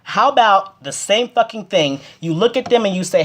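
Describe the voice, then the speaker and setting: Vlogger, mid-pitch, heated advice rant to camera, scolding and emphatic. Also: expressive, moderate pace, few pauses. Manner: emphatic repetition, rising to loud peaks.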